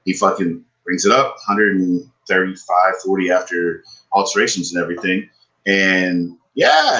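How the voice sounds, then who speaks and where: A man's voice: deep voice, moderate pace, low-quality recording. A man, podcast co-host, telling a story in casual chat, swearing often and ranting with frustration. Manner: profane, animated, frustrated ranting.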